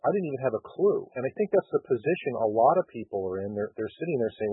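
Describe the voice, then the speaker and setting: A man's voice: medium pitch, very animated, quick pace, hardly any pauses, slightly rough, no echo. A man hosting a casual call-in chat, rambling with restarts and fillers. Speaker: host. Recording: tinny phone-line audio.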